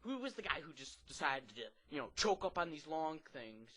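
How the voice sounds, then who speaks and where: Guy doing standup, rambling and hyped, pitch bouncing all over, bright kinda sharp voice. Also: normal speed. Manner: rambling and excitable, with filler-heavy restarts. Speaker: stand-up comedian. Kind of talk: stand-up routine.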